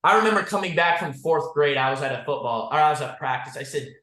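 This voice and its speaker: Guy with a higher voice giving his sales team a blunt pep talk, lots of "like" and "guys", swears a lot, roomy echo. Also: expressive, fast, sharp tone. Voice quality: blunt, profane, says "like" and "guys" often. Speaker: insurance agency leader. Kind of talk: motivational team call talk.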